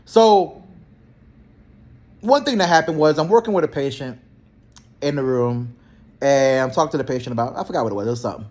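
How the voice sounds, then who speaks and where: A young man, a healthcare therapist, telling work stories in a blunt, slangy, animated way and acting out both sides of the talk. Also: medium pitch, brisk, long pauses. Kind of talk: casual storytelling vlog.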